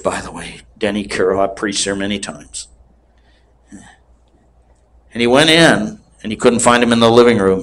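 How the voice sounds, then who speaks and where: A man in his sixties preaching a sermon in a slow, emphatic way. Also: on the low side. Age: 60s.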